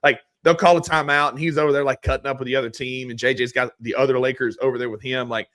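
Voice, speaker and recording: A man co-hosting a sports podcast in casual chat, steady and agreeable, often murmuring along. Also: mid-range voice, quick pace, no room sound, clean studio sound. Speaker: podcast co-host.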